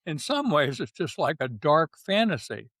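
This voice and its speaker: A man's voice: on the high side, sing-song, moderate pace, a bit bright, dry recording. An older man, a retired general, speaking bluntly and emphatically in an interview, with short punchy phrases. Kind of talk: candid interview talk.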